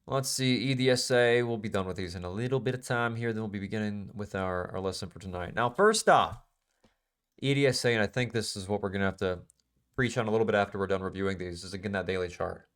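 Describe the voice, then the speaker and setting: A man's voice: fairly low pitch, fast talker, fairly bright tone, smooth. A man teaching a live trading class in a casual, emphatic way, repeating phrases and asking the class questions. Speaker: trading instructor.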